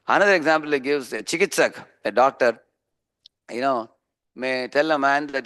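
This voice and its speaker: A man with an Indian accent delivers a sermon, his voice mid-pitched with a gravelly, fry-tinged edge. He teaches through homely stories, stops often to check in with a quick questioning "huh?", and slips into the voices of the people he describes. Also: sharp tone. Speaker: preacher giving a scripture class.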